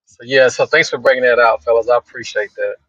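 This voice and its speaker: A man's voice: medium pitch, fairly even intonation, quick pace, fairly bright tone, dry recording. A man in a study group cutting in casually, building his point step by step and thanking the others. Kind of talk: casual chat. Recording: dull lo-fi phone audio.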